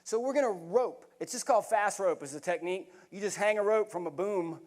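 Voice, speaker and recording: Middle-aged male keynote speaker, fairly high voice, animated storyteller. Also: a little fast. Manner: vivid, animated storytelling with bursts of laughter. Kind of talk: storytelling talk to a live audience.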